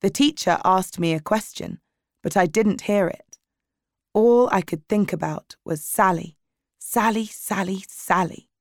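A woman reads a story aloud in the first person, slowly and clearly, at a mid pitch. Her voice is close and dry, with no room sound. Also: darkish tone, dry recording. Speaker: audiobook reader. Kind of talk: slow graded-reader narration.

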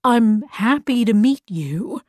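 Woman reader as a protective storybook father: earnest, firm, slow. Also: fairly high pitch, animated, darkish tone, dry recording, studio quality. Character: determined, protective middle-aged father.

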